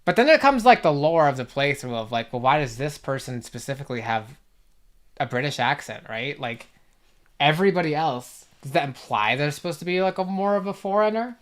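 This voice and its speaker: A woman's voice: sits low, expressive, brisk. A young adult woman streaming a game, chatting casually and rambling with many fillers and restarts. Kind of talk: casual chat while gaming.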